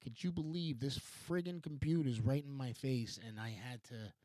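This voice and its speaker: A podcast host with a Los Angeles accent runs a rambling solo talk show from his home computer, meandering, cutting himself off, swearing casually, and laughing a lot. His medium-pitched voice is dark in tone, moderately paced, and has no echo.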